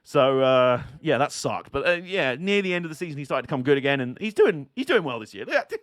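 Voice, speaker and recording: A young man casually commenting on motor racing during a livestream, chatty and excitable, laughing and swearing often. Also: medium pitch, quick pace, no room sound. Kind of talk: casual watch-along commentary.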